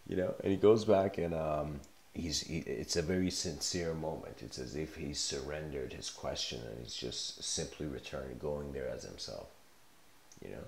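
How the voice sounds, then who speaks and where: Guy with a really low voice rambling thru a lecture, lots of like and you know, roomy echo. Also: moderate pace, gravelly. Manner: rambling, filler-heavy, laughs often. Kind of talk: casual spoken lecture, storytelling. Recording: echoey room.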